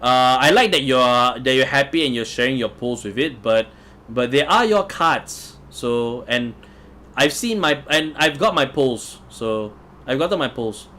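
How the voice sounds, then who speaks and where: A man's voice: medium pitch, expressive, measured pace, bright, forceful tone. A man hosting a casual live stream, answering viewer comments in a chatty way and chuckling often. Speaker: livestream host reading chat.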